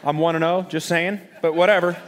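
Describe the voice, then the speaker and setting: A man, a pastor preaching to a live church congregation, joking and lively with the crowd and turning quiet and earnest when he prays. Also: fairly high pitch, brisk, slight background noise. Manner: energetic, joking crowd warm-up, then quiet earnest prayer. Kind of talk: sermon.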